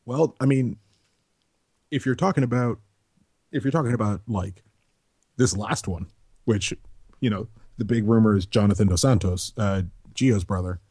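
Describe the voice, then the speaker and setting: A man with a low, husky, mellow voice chats casually on a soccer podcast. He drifts into joking tangents and long asides. The sound is dry and close, with no room around it. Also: normal speed, long pauses, no room sound. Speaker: podcast co-host.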